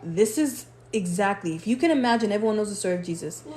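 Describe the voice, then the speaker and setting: Animated, slangy woman tarot reader. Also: mid-range voice, fast talker. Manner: animated, slangy, acts out quoted voices. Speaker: tarot reader on a live stream. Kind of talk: casual livestream talk. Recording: echoey room with faint noise.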